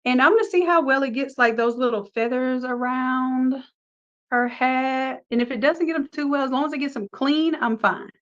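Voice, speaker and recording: A woman's voice: sits high, normal speed, dull audio. Chatty woman teaching a live design class. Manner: casual, chatty, talks through each step. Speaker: design instructor. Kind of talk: live screen-share tutorial.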